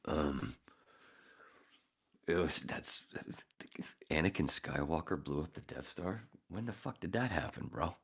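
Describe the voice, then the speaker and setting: Male podcast host, husky low voice, profane rambling monologue. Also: expressive, a little slow, pauses often. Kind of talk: casual monologue.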